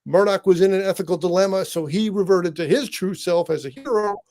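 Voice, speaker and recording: An excitable man with a high, light voice talks a streaming show through with a co-host. He rambles from point to point, laughing as he goes. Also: a little fast. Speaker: podcast co-host. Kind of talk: enthusiastic review chat. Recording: live online show.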